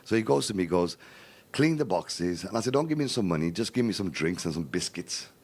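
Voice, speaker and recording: A middle-aged man recounts his own life story on a live charity appeal. His voice sits very low. He jumps into the voices of the people he quotes and keeps tucking little verbal tics into the telling. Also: fairly quick. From Birmingham, England. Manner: animated storyteller, acts out quoted dialogue, repeats "right, in here".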